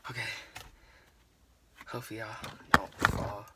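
A young man vlogging a prank, talking fast and nervously to his phone camera in slangy casual speech. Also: lowish voice, level tone, very noisy. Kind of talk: casual vlog talk to camera.

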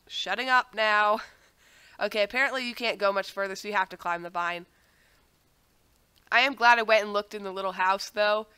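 A young woman who has a cold talks over her gameplay in a loose, rambling way, often mocking herself and wandering off on tangents. Her voice is bright and clean, and it is recorded dry and close with no room sound. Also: medium pitch, fairly even intonation, moderate pace, long pauses, clean tone, dry recording. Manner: rambling, self-mocking, easily sidetracked. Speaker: gaming channel host. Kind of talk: casual gameplay commentary.

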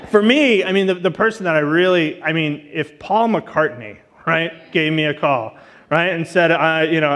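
A guest teacher with a somewhat high, slightly bright voice gives a casual, chatty sermon in a church auditorium, heavy with long church reverb. His talk is packed with asides and filler words.

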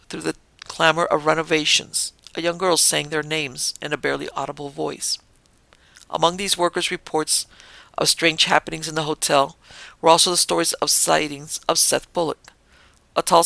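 A male podcast host reads a ghost story in measured, dramatic narration. His voice is gravelly, with a fry at the ends of phrases. The sound is dry and close. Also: on the high side, bright, forceful tone, dry recording. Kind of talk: scripted narration.

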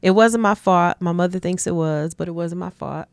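Smooth low-voiced woman telling stories. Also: moderate pace, no echo. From Detroit, USA. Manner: relaxed storytelling, laughs often. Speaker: guest, community advocate. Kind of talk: casual interview conversation.

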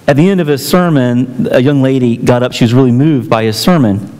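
A man preaching a sermon as pastor, telling stories and acting out quotes with emphatic pauses. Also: medium pitch, a little mellow. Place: church sanctuary. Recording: church hall reverb.

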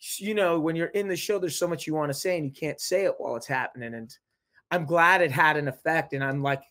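A young man chatting casually as a podcast guest, telling lively stories and acting out quotes from others. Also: on the high side, quick pace. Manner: animated storyteller, quotes others in lively voices. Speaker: podcast guest, reality show contestant. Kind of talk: casual chat.

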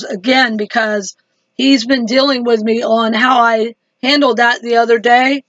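A woman's voice: high-pitched, slow pace, fairly bright tone, no echo, muffled recording. A woman chatting to her viewers in a casual religious video diary, laughing easily. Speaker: Christian vlogger.

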